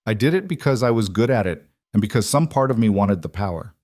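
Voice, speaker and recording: A man voicing a guarded, brooding young mafia boss in a measured storybook read. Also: on the low side, expressive, a little mellow, no room sound, clean studio sound, close to an everyday voice.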